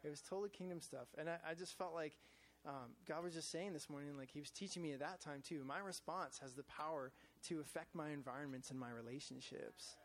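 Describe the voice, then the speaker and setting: A man's voice: on the high side, fairly quick. A man telling a casual, rambling story to a church group, full of fillers and restarts. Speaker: church staff speaker sharing a devotional. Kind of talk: informal testimony talk to a group. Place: in front of a group, gadgets in hand.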